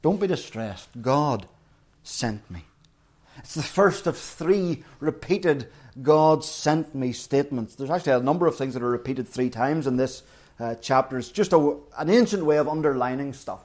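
A man's voice: mid-range voice, normal speed, a little mellow. A middle-aged man preaching a sermon, retelling a story dramatically and acting out the quotes.

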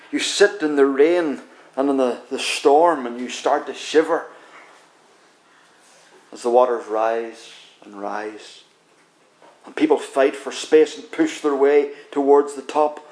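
A man preaching a sermon, telling a dramatic story in the second person that builds tension and slows down for emphasis. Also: mid-range voice, steady tone, a little mellow, roomy sound.

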